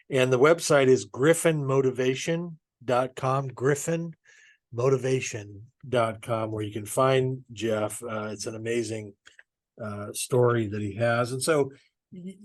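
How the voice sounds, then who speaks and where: A man hosting an interview, responding with encouragement and asking questions in a halting way full of fillers. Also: medium pitch, no echo, studio quality. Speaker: host.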